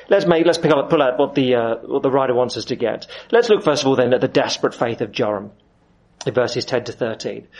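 A man preaching through a Bible passage, with quick asides and acted-out voices. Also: mid-range voice, darkish tone. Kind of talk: expository sermon with Bible reading. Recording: dull lo-fi sound.

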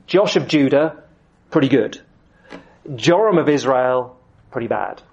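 A man preaching through a Bible passage, with quick asides and acted-out voices. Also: medium pitch, expressive, darkish tone. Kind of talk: expository sermon with Bible reading. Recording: dull lo-fi sound.

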